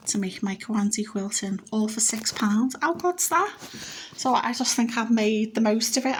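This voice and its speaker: A woman chatting casually in her home kitchen, showing thrift bargains in an upbeat, rambling way. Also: fairly high pitch. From Britain. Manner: chatty and upbeat, with many fillers. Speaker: frugal living vlogger. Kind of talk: casual thrift haul chat.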